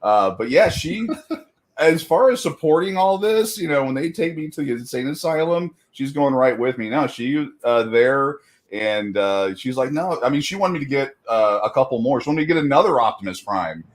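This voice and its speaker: A middle-aged man talks in loose, casual conversation. He rambles through fillers and restarts and often laughs at his own jokes. His pitch sits in an ordinary middle range. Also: lively intonation, normal speed. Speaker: guest. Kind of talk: casual chat.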